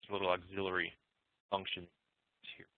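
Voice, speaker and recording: A low-pitched man gives a programming lecture in a loose, thinking-aloud way. His voice comes through a narrow, phone-like channel with almost no room sound. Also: a little fast, dry recording. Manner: relaxed, thinking aloud with fillers and restarts. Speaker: programming instructor. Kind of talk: recorded lecture explaining code. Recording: muffled phone-like dry audio.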